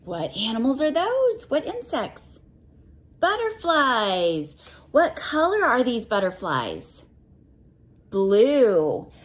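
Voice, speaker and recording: A woman reading a picture book aloud to children, stopping to ask questions and count along with them. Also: medium pitch. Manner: animated, asks the listener questions and counts along.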